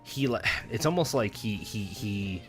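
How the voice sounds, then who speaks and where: A man with a low voice hosts a casual reaction show. He talks loud and mocking and trash-talks the people he watches. Faint music plays behind him. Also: lively intonation, a little slow. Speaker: commentary show host.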